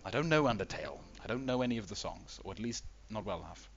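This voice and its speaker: A man with a low-ish, expressive voice and vocal fry talks fast while hosting a game tournament livestream in a casual, playful way, reading chat aloud and answering it. The slightly dull stream mic picks up a little hiss or hum and faint background music.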